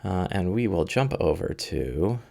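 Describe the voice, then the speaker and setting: Casual stream host, a slightly hoarse man with a lowish voice, loosely thinking aloud with many fillers. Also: sing-song, warm tone. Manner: rambling, with many fillers and pauses. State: slightly losing his voice. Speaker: game master and channel host. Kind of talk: live-streamed game prep talk.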